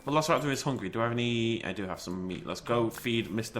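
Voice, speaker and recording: A young man with a cold, hosting a casual game commentary, chatty and self-mocking, jumping to high yelps when startled. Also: animated, quick pace, hardly any pauses, background noise. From United Kingdom. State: has a cold. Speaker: gaming channel host. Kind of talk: casual Minecraft let's play commentary.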